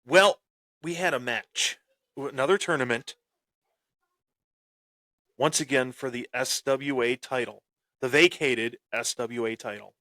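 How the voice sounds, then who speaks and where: A man hosting a wrestling podcast and telling a story with boastful heel bravado. He breaks into sudden loud bursts and often repeats and restarts his phrases. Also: mid-range voice, unhurried, pauses often, no echo. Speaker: podcast host.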